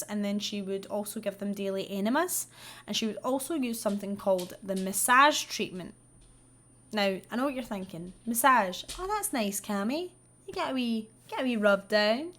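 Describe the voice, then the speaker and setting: A woman's voice: medium pitch, a bit bright. A woman, the host, telling a true-crime story in a chatty, sweary way with wry asides while she does her makeup. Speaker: vlogger.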